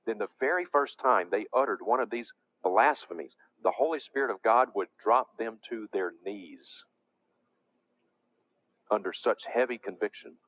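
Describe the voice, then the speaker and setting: Male preacher, low voice, dry close sound, emphatic and indignant delivery. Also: a little slow, fairly bright tone, no room sound. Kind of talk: preaching lecture.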